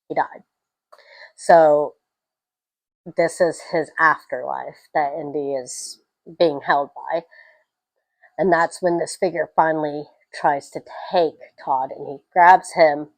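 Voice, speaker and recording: A woman chatting through a film review, emotional and quick to laugh. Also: low voice, steady tone, a little mellow, no room sound, low-quality recording. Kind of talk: casual spoken film review.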